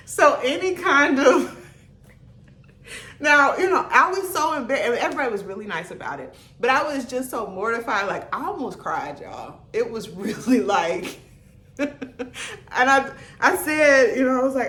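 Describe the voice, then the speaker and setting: Animated woman vlogger, echoey room. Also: a little high, normal speed. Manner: animated, laughing, acts out quotes. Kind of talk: casual storytelling.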